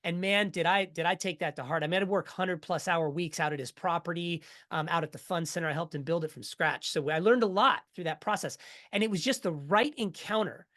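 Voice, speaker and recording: A middle-aged man, a podcast guest, telling his story in a casual, energetic way and acting out what others said. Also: on the high side, fairly quick. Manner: energetic, animated storyteller who acts out quotes.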